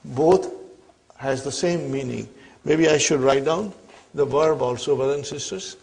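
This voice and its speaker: A man's voice: mid-range voice, a little slow, vocal fry, a little mellow. A man teaching an Arabic grammar lesson. He explains step by step, repeats his questions and often checks "are you with me?".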